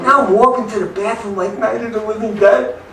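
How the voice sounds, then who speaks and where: A man, doing a blunt stand-up set in a club, with sudden loud outbursts. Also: high voice, steady tone, a little fast. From New York. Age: 70s. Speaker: stand-up comic. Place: comedy club in Denver. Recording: echoey club from far off, background noise.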